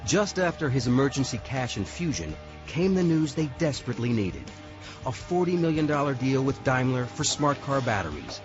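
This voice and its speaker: A man reading scripted documentary narration in a measured, dramatic way. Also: mid-range voice, very animated. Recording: dull lo-fi audio over music.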